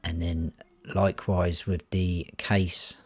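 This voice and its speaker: Gaming channel host, man, very low unhurried voice, dry close recording, lists menu options one by one. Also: flat delivery, breathy edge, no echo. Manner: listing options one by one while clicking through menus. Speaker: gaming YouTuber. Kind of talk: console gameplay walkthrough.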